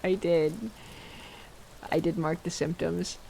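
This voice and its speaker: A woman streaming a game, chatting casually and playfully, mocking herself and exclaiming loudly when startled. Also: lowish voice, level tone, takes it slowly, creaky, a little hiss or hum. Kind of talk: casual gameplay commentary.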